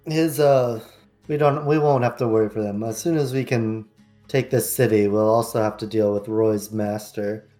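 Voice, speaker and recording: Chill mellow guy roleplaying a boss type, faint guitar music behind. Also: fairly low pitch, steady tone, normal speed. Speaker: player. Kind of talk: tabletop role-play.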